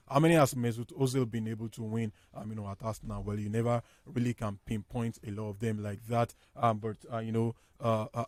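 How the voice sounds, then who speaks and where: A man's voice: mid-range voice, a little mellow, no echo. Sports panel guy, says you know a lot, dry studio mic. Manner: filler-heavy, leans on "you know". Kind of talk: casual sports talk.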